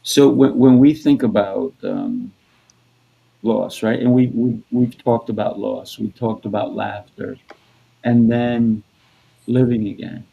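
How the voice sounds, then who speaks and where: A man co-hosting a conversation, telling a personal story in a halting, casual way with repeated words. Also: medium pitch, steady tone, vocal fry, husky, narrow, tinny audio. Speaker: podcast co-host.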